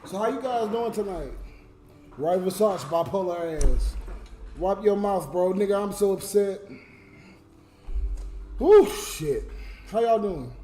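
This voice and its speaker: A man's voice: sits high, animated, slow pace, pauses often, mellow, echoey room, soft background music. A drunk man crying and ranting on a livestream, swearing and talking straight to his viewers. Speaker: livestreamer and YouTube comedian. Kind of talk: emotional late-night livestream rant.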